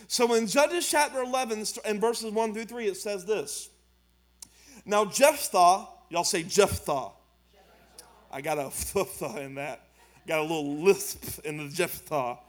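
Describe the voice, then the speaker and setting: Man, high-pitched voice, pastor's sermon, emphatic colloquial preaching. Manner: preaching with rising emphasis and Southern colloquial speech.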